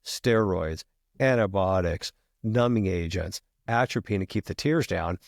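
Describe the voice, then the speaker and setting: Low-voiced retired firefighter guy, swears a lot, says freaking constantly, dead dry studio mic. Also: a little slow, creaky, no room sound. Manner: profane, fills every line with "freaking". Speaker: podcast guest, retired firefighter. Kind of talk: casual storytelling.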